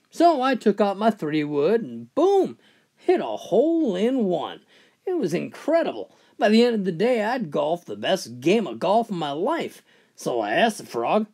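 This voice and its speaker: A man narrating a funny joke story in an animated storytelling manner. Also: sits high, a little slow. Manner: animated, swooping storyteller delivery. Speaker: joke teller.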